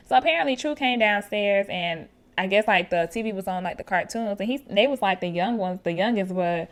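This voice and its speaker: A woman's voice: mid-range voice, brisk, few pauses. A woman hosting a podcast, chatting casually and animatedly with slang and frequent laughs. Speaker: podcast host recapping a reality show. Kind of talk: casual chat.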